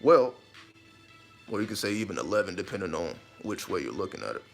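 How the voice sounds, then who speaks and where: A man's voice: low voice, sing-song, a little fast, gravelly, faint music behind. Man giving an emphatic rambling monologue. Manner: emphatic, repetitive, with occasional swearing. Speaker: host of own video channel. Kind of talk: casual explanatory monologue.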